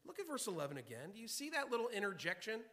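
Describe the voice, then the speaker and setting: A man's voice: sits high, wildly swooping pitch, rapid-fire, sharp tone. A man preaching a sermon to his congregation, emphatic and repetitive, often restarting his words. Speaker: pastor. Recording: long hall reverb.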